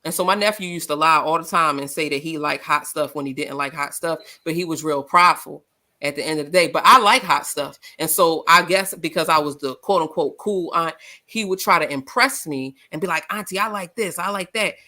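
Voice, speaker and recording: A woman co-hosting a live discussion show, loud and passionate, telling stories with acted-out quotes. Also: low voice, a little fast. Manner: animated, storytelling with acted quotes. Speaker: podcast co-host.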